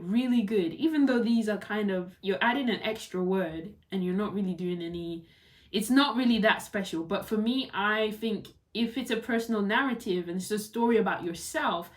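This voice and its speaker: A young adult woman teaching English writing in a casual, animated way, with quick asides and laughter. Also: mid-range voice.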